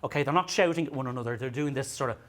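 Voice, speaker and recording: A medium-pitched man from Ireland does a stand-up set at a comedy venue, and his self-deprecating stories come out in fits and starts. He frequently repeats himself as he starts sentences over.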